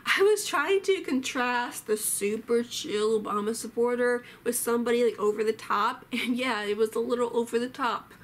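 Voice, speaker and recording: A woman in her thirties casually commenting on her old videos, animated and sarcastic with quick asides. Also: on the high side. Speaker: vlogger.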